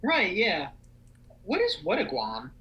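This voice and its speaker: A young man co-hosting a casual livestream chat, animated and rambling with lots of fillers. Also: sits high, slow pace, lo-fi sound. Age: young adult. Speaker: podcast co-host.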